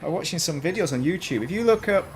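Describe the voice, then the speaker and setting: Fast and lively, with a voice on the high side, a streamer from Northern England narrates his game against background noise. His casual chatter keeps slipping into meandering jokes at his own expense.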